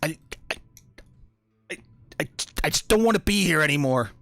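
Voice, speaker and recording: A man's voice: on the high side, expressive, moderate pace, gravelly, a bit bright, no echo, pitched above the performer's own voice. A man voicing a frightened young male imp who stammers and panics. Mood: panicky.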